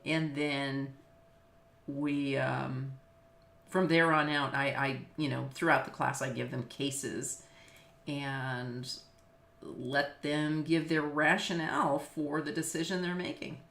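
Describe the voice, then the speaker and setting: Chatty low-voiced woman, echoey room. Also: steady tone, slow pace, fairly bright tone. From Los Angeles, United States. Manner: chatty, laughing easily, many fillers. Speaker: business law teacher. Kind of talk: casual chat on a video call.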